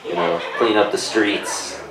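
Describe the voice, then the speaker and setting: A man chatting as a guest on a live podcast, halting speech full of fillers. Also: sits low, steady tone, distant mic, background noise. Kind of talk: casual live podcast chat. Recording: echoey room, off mic.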